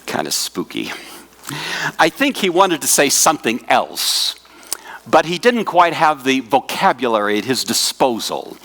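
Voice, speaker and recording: Measured male lecturer addressing pastors. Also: mid-range voice, a bit bright. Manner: measured, teacherly, asks the audience questions; slows and drops his voice on key words. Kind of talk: conference lecture. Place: conference hall with audience.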